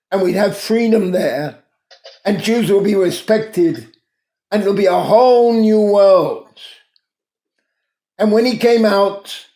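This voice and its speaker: A man's voice: high-pitched, dark tone. A man hosting a daily talk, telling a moral story in an earnest, emphatic way. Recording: roomy echo.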